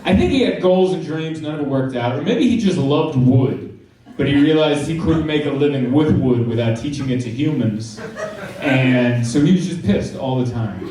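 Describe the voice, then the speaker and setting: A man's voice: medium pitch, expressive, normal speed, mellow. A man performing a stand-up comedy set, telling his story animatedly and acting out scenes. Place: comedy club stage. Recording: echoey stage sound from far off, audience. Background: audience laughing.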